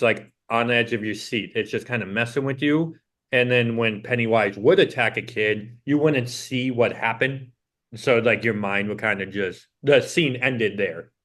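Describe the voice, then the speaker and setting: A man's voice: on the low side, fairly bright tone. A young adult man co-hosting a podcast, talking casually and filling his sentences with "like". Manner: rambling, peppered with "like". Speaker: podcast co-host. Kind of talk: casual chat.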